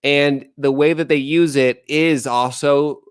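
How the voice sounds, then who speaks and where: Male streamer in his thirties, casual and profane, smooth voice, dry close-mic sound. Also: on the high side, steady tone, slow pace, no echo. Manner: blunt, profane, rambling, reads chat aloud. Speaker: livestream host. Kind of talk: casual livestream chat.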